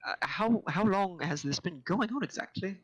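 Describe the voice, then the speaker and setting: A man's voice: high voice, lively intonation, moderate pace, no echo, rough recording. A man voicing a polite, refined tiefling traveler who speaks formally and courteously.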